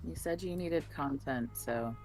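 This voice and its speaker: A woman's voice: low voice, a little slow, a little mellow, soft background music, rough recording. Chatty woman in her morning voice. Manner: rambling, chatty, filler-heavy. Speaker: guest streamer on call. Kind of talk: casual chat.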